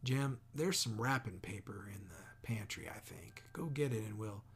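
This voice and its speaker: A man plays a steady, gentle father who talks in a calm, measured way with a dry edge. The voice is low-key, gravelly and a little husky. It is a storybook reading.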